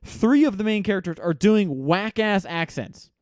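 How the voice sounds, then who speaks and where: A man's voice: high voice, lively intonation, normal speed, clear, resonant tone, no echo, clean studio sound. A man co-hosting a casual movie podcast, talking bluntly with frequent swearing and laughter. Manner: blunt, profane, laughs often. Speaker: podcast co-host. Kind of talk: casual movie review chat.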